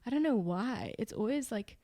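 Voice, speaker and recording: A young actress chatting candidly as a podcast guest, laughing often. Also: female voice, a little high, expressive, moderate pace, dark tone, no room sound, clean studio sound. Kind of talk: casual podcast conversation.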